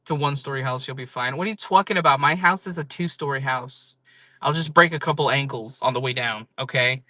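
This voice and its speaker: A woman's voice: a bass voice, fast talker, sharp tone, dry recording. A woman chatting casually on a live-selling stream, joking, rambling and laughing often.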